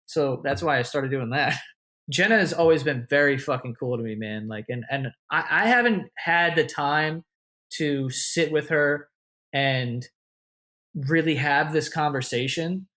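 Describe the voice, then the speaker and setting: This slightly high, bright, forceful male voice belongs to a content creator appearing as an interview guest, moving at a measured pace. He tells a loose, casual story packed with "like," "you know," and plenty of swearing, raising his voice to act out what others said.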